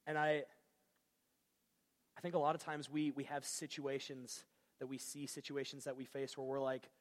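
A man's voice: mid-range voice, little pitch movement, normal speed, long reverb tail. A man preaching a sermon in a casual, conversational way with slang. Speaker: pastor.

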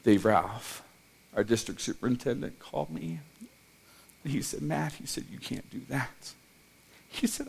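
Male pastor, middle-aged, emotional testimony, halting restarts, mid-pitched voice. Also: expressive, gravelly, husky. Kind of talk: personal testimony sermon.

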